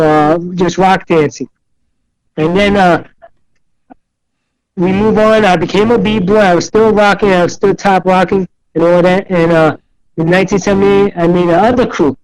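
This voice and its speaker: A man's voice: high voice, no echo, poor audio. An older man, a guest in a casual interview, telling rambling stories and acting out the other voices. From New York City. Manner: rambling, animated storyteller who acts out other voices in quotes.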